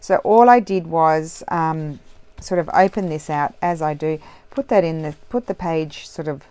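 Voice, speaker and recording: A woman's voice: deep voice, unhurried, mellow, clear, resonant tone, no echo. A woman vlogger talking casually through a crafting tutorial at home, rambling and often correcting herself mid-sentence. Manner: rambling, with many self-corrections and trailing asides.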